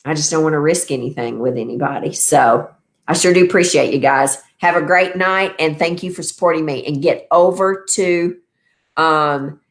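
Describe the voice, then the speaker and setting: Brief: tired woman in her fifties, low voice, rambling livestream host. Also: normal speed. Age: 50s. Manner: rambling, warm toward viewers. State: tired after illness. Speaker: wellness show host. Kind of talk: casual livestream chat.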